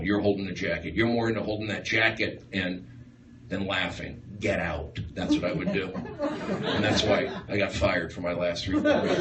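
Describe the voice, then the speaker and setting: A man doing a rambling stand-up set, riffing excitably on the crowd in a small comedy room. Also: fairly low pitch. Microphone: far live-stream phone mic. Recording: echoey, distant livestream with room noise.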